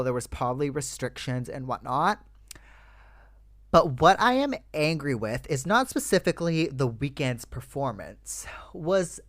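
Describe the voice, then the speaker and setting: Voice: mid-range voice, a bit bright, no room sound, clean studio sound. A young adult podcast host chatting casually on their own show, ranting heatedly, swearing freely and calling out to listeners. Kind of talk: casual solo podcast chat.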